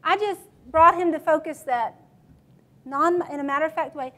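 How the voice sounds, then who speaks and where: A woman's voice: high voice, moderate pace, a bit bright. A woman teacher leading a classroom management workshop, matter-of-fact and quizzing her audience with questions.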